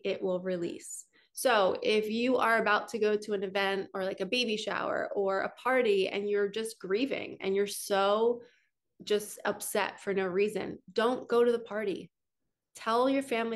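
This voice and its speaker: A middle-aged woman speaking as a spiritual coach. She talks in a flowing, earnest way and circles back over the same words to drive a point home. Her pitch sits at a medium level for a woman. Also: fairly even intonation, moderate pace. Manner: earnest, flowing, repetitive phrasing. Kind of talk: heartfelt spiritual teaching monologue.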